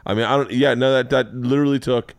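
Man, podcast host, laid-back chat, jumps in with questions, smooth clear voice, dry room. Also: mid-range voice, steady tone, dry recording. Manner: laid-back, chatty, quick to interject.

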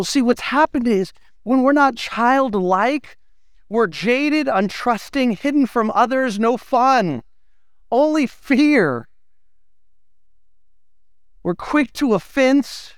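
A man, preaching a sermon in an animated, playful storytelling way. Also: extremely high pitch, clear, resonant tone, no room sound, clean studio sound. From United States. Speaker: pastor.

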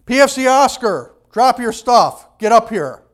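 A man acting out a loud, mocking army drill sergeant who barks orders at recruits. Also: extremely high pitch, very animated, a little slow, voice pushed up, full character voice. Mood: barking. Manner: shouting barked orders.

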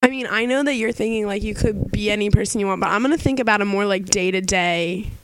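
A young woman from Delaware co-hosting a podcast, asking the questions and teasing her friend in a casual chat, quick to laugh. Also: mid-range voice, clear, resonant tone. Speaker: podcast co-host.

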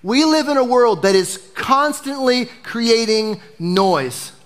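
Animated male pastor preaching a sermon. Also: extremely high pitch, takes it slowly. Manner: animated preaching, dropping to a hush for emphasis.

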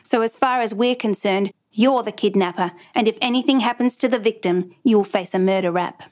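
A stern male deputy leans hard on a suspect, firm and pressing, speeding up as he makes his threat, read by a woman. The voice stays at a middling pitch. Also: normal speed, a little mellow, natural voice.

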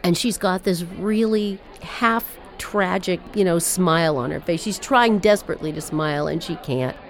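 A woman telling a personal family story in an animated, wry way. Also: fairly low pitch, normal speed.

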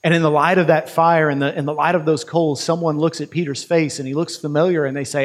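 Brief: male preacher, fairly high voice, vivid storytelling sermon. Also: fairly even intonation, in a large hall. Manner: vivid retelling with quick restarts.

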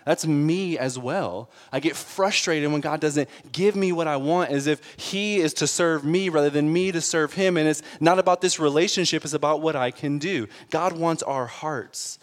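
A man's voice: fairly high pitch, normal speed, few pauses, big-room sound. Earnest man preaching in a conversational way. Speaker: pastor. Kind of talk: sermon.

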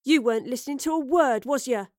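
A woman voicing Astrid, a blunt, impatient streetwise young woman with rough-edged slangy speech, in an audiobook. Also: fairly high pitch, a little fast, dry recording, studio quality, voice pushed up, natural voice. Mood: stern. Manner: blunt, loud, pushy.

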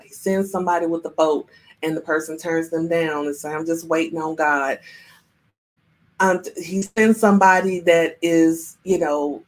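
A woman's voice: low voice, low-quality recording. A woman hosting a live-streamed spiritual talk, speaking to her viewers in a playful way and acting out little voices. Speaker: spiritual livestream host.

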